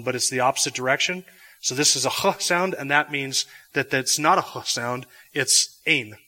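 A man's voice: medium pitch, bright, forceful tone. A man teaching a Bible class in a classroom or church hall, explaining patiently with frequent restarts. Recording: long hall reverb.

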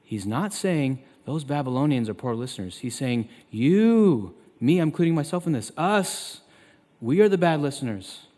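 A man in his thirties preaching a sermon as pastor, turning loud and emphatic when he quotes scripture. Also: expressive, fairly quick, few pauses. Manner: emphatic, loud and high when quoting God. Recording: long reverb of a large hall.

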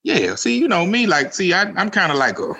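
A man, co-hosting a podcast in casual chat and telling animated stories. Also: high voice, brisk, gravelly, husky. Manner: animated storyteller, repeats "let me tell you something". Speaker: podcast co-host.

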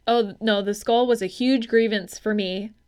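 A woman co-hosting a relaxed movie podcast, speaking at an average pitch. She is blunt and profane, and she fills her chat with ums and hedges as she reacts. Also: normal speed, smooth. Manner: blunt, profane, chatty with hedging fillers. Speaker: podcast co-host. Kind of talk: casual movie-review banter.

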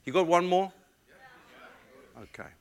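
A middle-aged man from the United States, a pastor, telling personal stories in a sermon with emotional, animated delivery. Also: high voice, slow pace. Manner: emotional, animated storytelling with quoted voices. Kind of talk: storytelling sermon.

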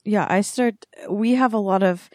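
A woman's voice: mid-range voice, measured pace, darkish tone, no room sound, studio quality. A woman co-hosting a podcast, chatting casually, laughing and correcting herself as she goes. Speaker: podcast co-host. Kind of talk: casual chat.

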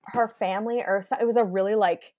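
A woman in her thirties, a wedding planner chatting casually with a co-host. She tells a story in an animated way and acts out the quotes. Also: mid-range voice, fast talker.

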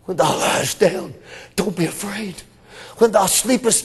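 A man preaching a revival sermon, swinging between shouting and hushed whispers. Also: sits high, a little slow, husky, big-room sound. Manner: addresses congregation members as brother. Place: church.

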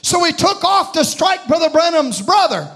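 A man preaching a sermon, retelling a vision with impassioned, shouted peaks and slow, drawn-out phrases. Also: sing-song. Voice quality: high, ringing voice that rises into shouts.

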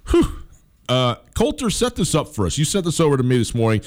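A man's voice: fairly high pitch, wildly swooping pitch, brisk, darkish tone. A middle-aged man hosting a sports talk show, rambling with fillers and restarts, a bit stuffed up from allergies.

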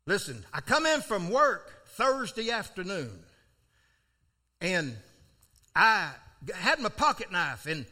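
An older man preaching, telling a folksy story from his own life, with sudden loud outbursts. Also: high voice, big pitch swings, slow pace. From South Florida. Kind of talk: storytelling sermon.

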